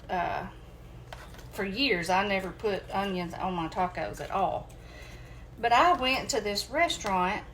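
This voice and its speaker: Lady chatting to y'all while she cooks at home, regular pitch, bit of faint kitchen noise. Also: a bit bright. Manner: chatty, folksy, addresses viewers as y'all. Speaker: home cooking vlogger. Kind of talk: casual chat while cooking.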